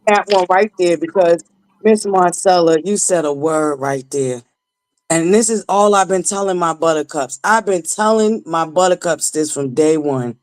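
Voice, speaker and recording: A woman's voice: on the low side, moderate pace, poor audio. A woman hosting a casual live stream, talking emphatically to her viewers. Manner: emphatic, preachy, talks straight to the chat. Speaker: host.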